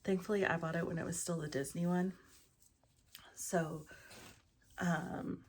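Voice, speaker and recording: Slow, husky-voiced woman stitching vlogger. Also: on the low side, steady tone. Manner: rambling, lots of ums, often drops to a whisper. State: morning voice. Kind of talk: casual show-and-tell chat.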